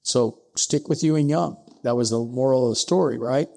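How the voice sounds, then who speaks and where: A man narrating a frontier tale for a podcast in a voice of middle pitch. He acts out each exchange, jumping up high for the surprised lines and dropping low for the curt replies. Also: moderate pace, vocal fry, darkish tone. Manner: acts out dialogue with pitch jumps, asides like "I'm paraphrasing". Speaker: podcast guest, distillery co-founder. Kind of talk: animated historical storytelling.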